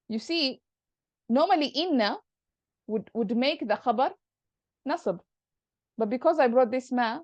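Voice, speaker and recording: Woman teacher, higher voice, patient step-by-step explainer; lo-fi dry capture. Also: darkish tone, no echo. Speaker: Arabic grammar teacher. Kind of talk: online class explanation. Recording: dull, dry lo-fi recording.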